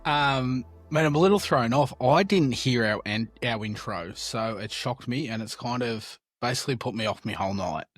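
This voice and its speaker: Husky aussie bloke cohosting a sports pod, deadpan mock-offended, dry close mic. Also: male voice, medium pitch, normal speed, hardly any pauses, dry recording, soft background music. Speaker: podcast co-host. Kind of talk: casual sports podcast chat.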